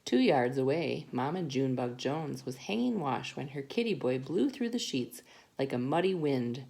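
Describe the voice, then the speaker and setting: A woman teacher reading a picture book aloud to preschoolers, animated and playful. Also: very deep voice, normal speed, gravelly. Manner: animated, acts out character voices. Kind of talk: children's storybook read-aloud.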